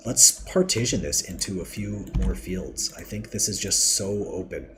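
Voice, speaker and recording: A man's voice: deep voice, expressive, normal speed, fairly bright tone, slight background noise. A man hosting a live game stream, chatting casually and rambling as he builds and reads out viewer messages. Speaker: livestream host. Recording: audible keyboard typing and clicks.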